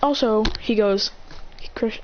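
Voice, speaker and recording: A woman excitedly improvising an action story, acting out attacks with shouts. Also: fairly high pitch, slow pace. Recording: dull lo-fi with faint hiss.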